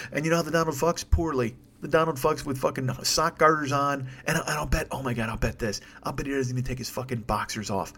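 Male solo podcaster, rapid-fire rant, sarcastic, foul-mouthed, rambling. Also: fairly high pitch. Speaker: podcast host. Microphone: desk microphone.

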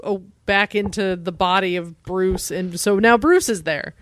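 A woman co-hosting a podcast in casual chat, retelling scenes in a laid-back way with quick asides. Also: medium pitch, no echo. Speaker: podcast co-host.

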